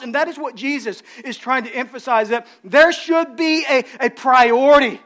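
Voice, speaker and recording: Man preaching, high voice, repeats words, loud emphatic bursts then quiet storytelling. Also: normal speed, hardly any pauses. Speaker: pastor. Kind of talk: sermon.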